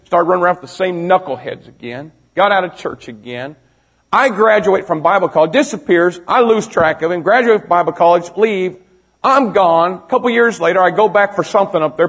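A man preaching a storytelling sermon to young people, swinging from shouting to hushed near-whispers and firing direct questions at the listeners. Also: sits high, animated, brisk. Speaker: preacher, youth pastor.

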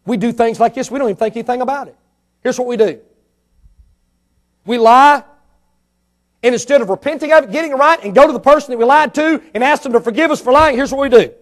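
A man preaching a sermon with fervor, firing rhetorical questions at the congregation and swinging between soft and loud delivery. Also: extremely high pitch.

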